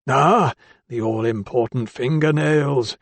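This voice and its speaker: A man voicing an elderly anatomist in an audiobook, gruff and blustering, with a raised, slow, drawn-out delivery. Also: fairly high pitch, very animated, no room sound, pitched above the performer's own voice, full character voice. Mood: insistent, commanding.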